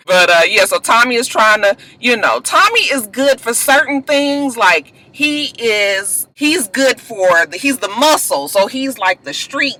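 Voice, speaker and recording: High, bright-voiced man recapping a show. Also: measured pace, few pauses. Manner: casual, profane, animated. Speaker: host. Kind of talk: TV episode recap vlog.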